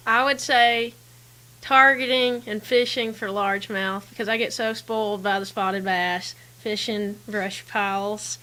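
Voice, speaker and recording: A woman angler talking as a podcast guest in relaxed casual chat, laughing easily. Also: mid-range voice, unhurried.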